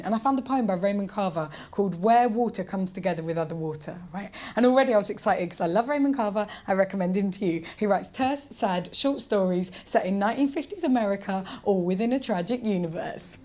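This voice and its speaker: A woman in her forties performing stand-up comedy on a theatre stage, animated, exclaiming and self-mocking. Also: mid-range voice, brisk.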